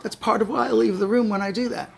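Firm, insistent adult with a gravelly voice. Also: mid-range voice, fairly even intonation, slight background noise. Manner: firm, insistent, repeats demands deliberately. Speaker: adult child arguing with a parent. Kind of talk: heated family argument, secretly recorded.

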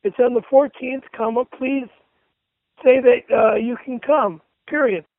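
A man's voice: very high voice, fairly even intonation, measured pace, vocal fry, dry recording, phone-quality sound. A man ranting furiously and cursing while reading messages aloud, punctuation and all.

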